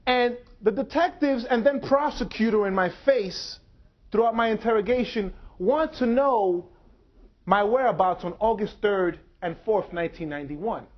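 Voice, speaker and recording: A man with a fairly high voice gives a slow, deliberate public talk at a university. The recording sounds dull and lo-fi. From United States. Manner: slow, measured, deliberate delivery. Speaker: speaker. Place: university lecture hall.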